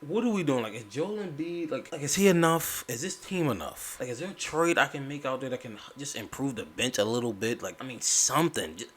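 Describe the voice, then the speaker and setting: A man's voice: medium pitch, animated, fairly quick, few pauses, a bit bright, husky. A man ranting about basketball in a casual, profane commentary, firing rhetorical questions in exasperation.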